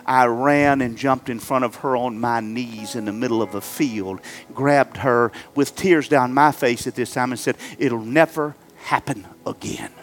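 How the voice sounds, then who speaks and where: A middle-aged male pastor preaching to his congregation, moving from loud fervent exhortation to hushed, halting storytelling. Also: mid-range voice, soft background music. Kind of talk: sermon. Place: church sanctuary before a congregation.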